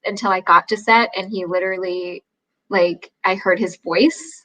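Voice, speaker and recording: A young adult actress chatting as an interview guest, telling lively stories, acting out quoted voices and laughing often. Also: female voice, mid-range voice, moderate pace, rough recording. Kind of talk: casual interview chat.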